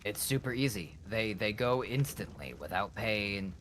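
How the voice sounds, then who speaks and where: A man's voice: fairly low pitch, lively intonation, unhurried, fairly bright tone, slight background noise. A man casually chatting with his partner while they play a game together, blunt and swearing casually. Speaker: co-op gaming partner. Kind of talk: casual chat during a game stream.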